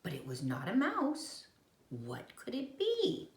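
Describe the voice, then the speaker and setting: A woman reads a children's picture book aloud at a very slow, deliberate pace, her pitch rising and falling in a lively sing-song. She voices the story's noises herself in a playful way, and the room around her rings with echo. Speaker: storybook reader and teacher. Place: at home. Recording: echoey room.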